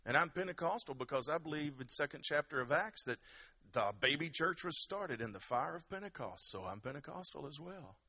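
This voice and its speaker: A man's voice: a little high, animated, a little fast, bright, forceful tone, husky. A man preaching a sermon in a conversational, emphatic way and urging the congregation to give praise. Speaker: pastor.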